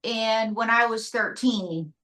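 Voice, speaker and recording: A ventriloquist and singer with a Pittsburgh accent, chatting in an interview with a self-mocking humor. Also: female voice, on the high side, takes it slowly, fairly bright tone, low-quality recording. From near Pittsburgh. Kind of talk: casual interview storytelling.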